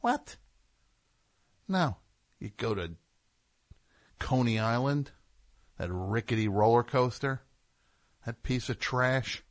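A man's voice: fairly low pitch, no echo. A man from New Jersey hosting a call-in radio talk show, riffing in a sarcastic, ranting comic way.

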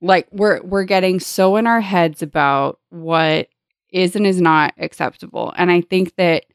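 A woman's voice: on the low side, unhurried, smooth, no room sound, clean studio sound. A young woman co-hosting a podcast in casual chat, adding wry asides and joking agreement. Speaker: podcast co-host.

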